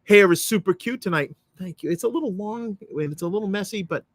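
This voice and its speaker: Rambling man reading viewer chat. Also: sits high. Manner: rambling, halting with fillers while reading chat. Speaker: host. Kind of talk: casual live-stream chat.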